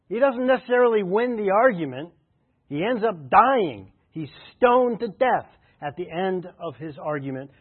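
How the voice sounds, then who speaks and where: A man's voice: a little high, breathy edge. A man preaching a sermon as a pastor, emphatic and repeating his key phrases. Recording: tinny phone-like radio sound.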